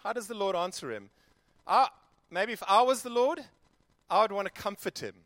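Pastor, man, high voice, animated sermon delivery, dry recording. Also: moderate pace, no echo. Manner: animated preaching, acting out quoted prayers. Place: church.

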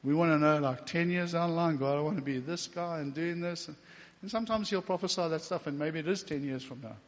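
A South African man gives a heartfelt testimony sermon, his fairly high voice ringing through a church hall with a long tail of reverb. He talks in a loose, conversational way, voicing his own thoughts in quotes, and his feelings stay close to the surface. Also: brisk. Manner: emotional, getting teary at times; conversational with fillers and quoted inner speech. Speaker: preacher.

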